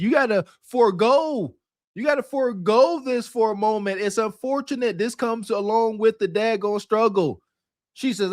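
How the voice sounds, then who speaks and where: A man's voice: sits high, animated, moderate pace, no room sound, studio quality. A man co-hosting a podcast, giving mocking, emphatic commentary. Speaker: podcast co-host. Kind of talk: casual commentary.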